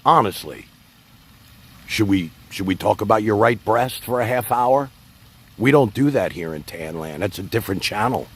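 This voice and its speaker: A man with a gravelly, husky low voice hosts a casual livestream. He rambles and talks straight to his viewers, his pitch rising and falling a lot as he goes. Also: animated, moderate pace. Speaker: livestream host.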